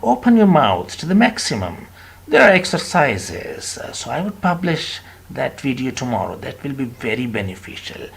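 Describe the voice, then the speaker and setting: A man teaching an online spoken lesson, repeating phrases slowly and emphatically for his students. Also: mid-range voice, vocal fry, breathy edge. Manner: drills phrases with repetition, slow and emphatic. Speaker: English teacher.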